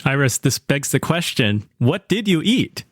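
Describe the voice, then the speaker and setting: A man's voice: on the high side, very animated, measured pace, no room sound, clean studio sound. A man hosting a podcast and asking a guest questions. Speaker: podcast host. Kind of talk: interview questions.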